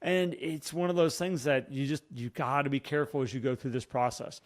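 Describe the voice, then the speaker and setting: A man's voice: mid-range voice, fairly even intonation, fairly quick. A man co-hosting a casual podcast as a real estate coach, talking earnestly and acting out what clients say.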